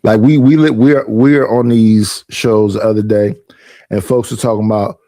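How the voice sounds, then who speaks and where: This streamer and panel host has a mellow voice on the low side, with fairly even intonation and a moderate pace. Hosting his own stream, he makes his case emphatically and keeps restating it in an offhand monologue, captured cleanly with no room sound.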